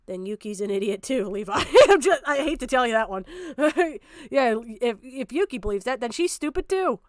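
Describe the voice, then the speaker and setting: A woman's voice: mid-range voice, lively intonation, moderate pace, dry recording, clean studio sound. A woman streamer giving blunt, profane commentary on a video, ranting and mocking as she talks.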